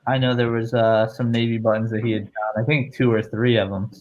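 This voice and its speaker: A man's voice: medium pitch, little pitch movement, fairly quick, lo-fi sound. Guy hosting a live show, easygoing, reading the chat out. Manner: upbeat, laughs often, reads chat aloud. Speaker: host.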